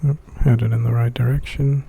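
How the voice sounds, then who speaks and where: A laid-back man doing casual gameplay commentary and chatting with viewers as he plays. His voice is husky and gravelly with a dark, mellow tone. He speaks at an unhurried, slow pace. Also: mid-range voice, level tone. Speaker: gamer streaming a playthrough.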